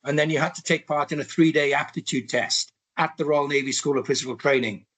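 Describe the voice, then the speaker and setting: As a podcast guest, a sixty-something man from Wales rambles through his life story with frequent restarts, asides, and "you know." His voice runs high, fairly quick, a bit bright, and slightly rough.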